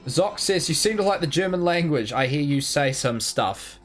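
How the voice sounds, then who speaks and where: A man's voice: a little high, animated, normal speed, a bit bright, soft background music. Swearing, rambling male game streamer. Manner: swears freely, mutters and hums while playing; rambling, self-mocking. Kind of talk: live gameplay commentary, reading chat.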